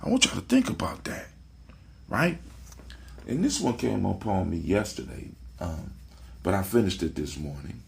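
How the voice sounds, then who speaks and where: A man's voice: low voice, sing-song, moderate pace, gravelly. A man hosting a casual motivational talk, preachy, repeating his phrases and checking in with "right?". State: sleepy, yawning. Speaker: podcast host.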